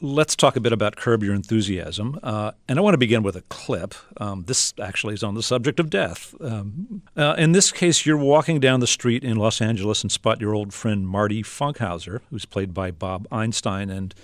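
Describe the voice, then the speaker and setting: A man hosting a radio interview in a measured way, introducing clips on a studio microphone. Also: lowish voice, expressive, no echo.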